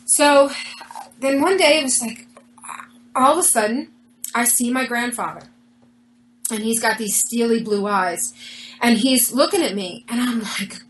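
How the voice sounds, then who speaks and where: A woman's voice: a little high, normal speed, pauses often, a little hiss or hum, low-quality recording. A woman being interviewed, earnestly telling a personal story and acting out the dialogue as she goes. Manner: earnest, animated retelling with quoted dialogue. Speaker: interview guest.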